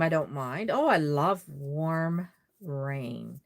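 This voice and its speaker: A woman's voice: low voice, lively intonation, extremely slow, creaky. A woman from Nova Scotia, chatting casually on a live stream, rambling and reading out viewer comments as she works on a doll. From Nova Scotia, Canada.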